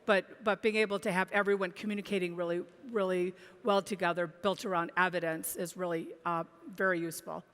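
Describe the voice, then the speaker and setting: Woman, analyst on a panel, halting and thoughtful, long hall reverb. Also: lowish voice, little pitch movement, fairly bright tone. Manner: thoughtful, many restarts and fillers. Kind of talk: conference panel discussion. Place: conference stage.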